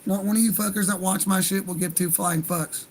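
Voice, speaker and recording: Man, high-pitched voice, livestream rant, heated, profane, rambling. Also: fairly even intonation, fairly quick, creaky, slight background noise, poor audio. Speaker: livestream host.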